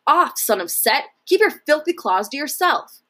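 A woman reading the lines of a young male galley slave, urgent and rough. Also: high voice, sing-song, moderate pace, a bit bright, pitched above the performer's own voice. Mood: angry.

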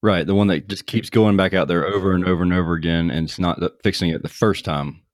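A man's voice: sits low, steady tone, fast, no room sound, studio quality. A man hosting a podcast, agreeing with his guest and explaining points earnestly in a casual conversation. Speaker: podcast host.

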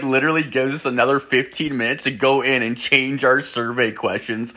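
A man ranting through a crude story in a loose, rambling way, with "like" in nearly every sentence and constant swearing. His voice is bright and forceful, at a middle pitch for a man. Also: brisk, hardly any pauses. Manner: rambling, profane, full of "like" fillers; animated, jumps into acted-out quotes. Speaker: podcast host.

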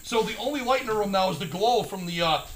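A man telling a firefighting training story in casual chat, swearing often and acting out quotes loudly. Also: high voice, fast talker, echoey room. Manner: profane, excitable, acts out quotes loudly.

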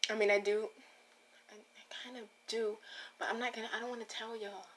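A woman's voice: a little high, flat delivery, a little fast, fairly bright tone, a little hiss or hum. A woman hosting a casual solo podcast, rambling and breaking off her own sentences as she talks straight to her listeners. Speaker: podcast host.

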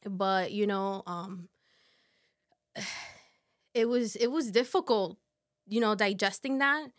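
A woman in her thirties, a podcast guest, telling a personal story in a halting, soft way with many fillers. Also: mid-range voice. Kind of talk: casual conversation.

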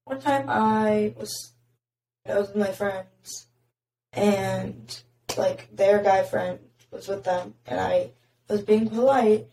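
A young woman with a raspy voice, chatting casually as a podcast host and filling her talk with "like". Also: medium pitch, slow, mellow. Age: young adult. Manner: chatty, heavy filler "like". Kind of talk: casual chat. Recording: roomy, distant mic.

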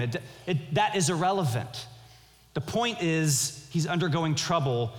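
A man preaching a sermon in an earnest, measured way, often restarting his phrases. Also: medium pitch, in a large hall. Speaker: pastor.

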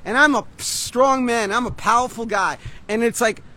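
Guy ranting on the street, really high sharp voice, swears a lot, keeps restarting, some traffic noise. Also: normal speed. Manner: agitated, rambling, swearing, restarts often. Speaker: vlogger. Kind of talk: street vlog rant. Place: outdoors on a city street.

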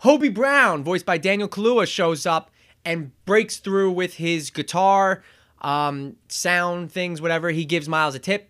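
A man's voice: high-pitched, moderate pace, a bit bright. A man hosting a podcast, recapping a movie in casual chat, rambling with chuckles and acting out quotes. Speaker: podcast host.

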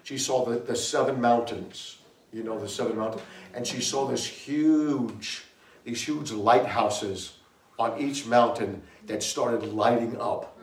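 A man preaching a sermon to a congregation, telling a story with laughter and sudden shouted bursts. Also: mid-range voice, slow pace. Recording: echoey room, mic far from speaker.

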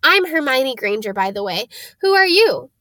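A woman voicing a bossy, know-it-all young schoolgirl witch who chatters fast and eagerly. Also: high voice, sing-song, pushed and bright, no echo, exaggerated voice.

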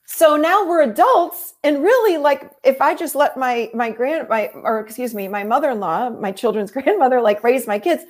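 A middle-aged woman therapist explaining her ideas in an interview, animated and explanatory, often acting out what people say. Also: high-pitched, moderate pace, hardly any pauses. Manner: animated, explanatory, acts out quotes. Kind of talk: conversational interview.

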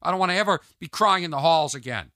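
Animated ranting man podcasting. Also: on the high side, fast, no room sound, studio quality. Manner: animated, ranting, mimics others in asides. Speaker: podcast host. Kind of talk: comedic solo podcast monologue. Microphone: podcast mic on video.

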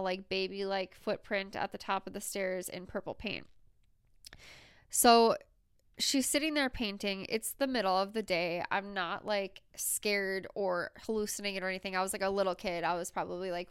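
A woman co-hosting a podcast, telling stories in a chatty, animated way. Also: mid-range voice, clear, resonant tone, dry recording, studio quality. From United States. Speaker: podcast co-host. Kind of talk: casual chat, storytelling.

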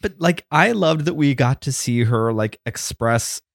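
A man in his thirties chatting casually as a podcast co-host, campy and animated, slipping into squealed voices. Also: mid-range voice, unhurried, gravelly, no echo, studio quality. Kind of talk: casual chat.

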